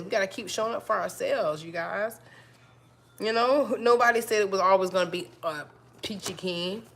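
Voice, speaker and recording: With a mid-range voice and a fairly bright tone, a livestream host chats casually with her audience. She keeps encouraging them, repeats herself a lot, and addresses them as y'all.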